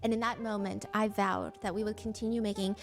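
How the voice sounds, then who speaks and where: A woman's voice: mid-range voice, steady tone, a little fast, natural voice. A woman voicing a smug young rich wife who humble-brags in a sugary, falsely modest way.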